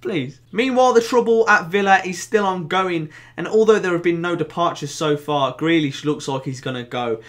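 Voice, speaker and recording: Lively young Birmingham-accented man. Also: high voice, moderate pace, hardly any pauses. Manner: animated and jokey, bursts of excitement. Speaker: football vlog host. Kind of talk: casual to-camera football chat.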